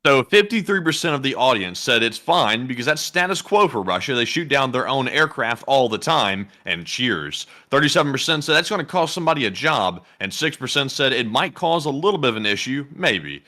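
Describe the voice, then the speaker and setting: A man co-hosting a casual news commentary show, speaking in a relaxed, dry, offhand way. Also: mid-range voice, brisk, hardly any pauses. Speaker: co-host reading audience poll results.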